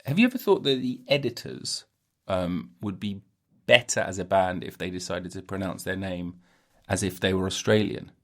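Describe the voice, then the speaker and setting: A man's voice: low voice, animated, normal speed, fairly bright tone. Rambling, jokey man hosting a podcast. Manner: jokey, self-interrupting, laughs at own jokes. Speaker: podcast host. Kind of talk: rambling solo comedy podcast.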